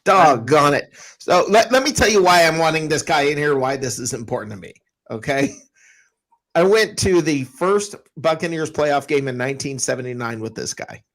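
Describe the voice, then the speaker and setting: A male host with a somewhat high voice runs a loose sports talk show. He is excitable and laughs often. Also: moderate pace. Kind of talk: casual chat.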